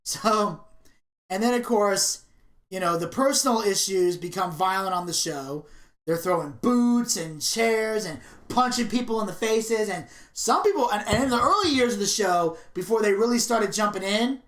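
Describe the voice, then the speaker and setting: A woman's voice: medium pitch, lively intonation, normal speed. A woman co-hosting a podcast, telling rambling, profane stories in casual chat. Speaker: podcast co-host. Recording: roomy echo.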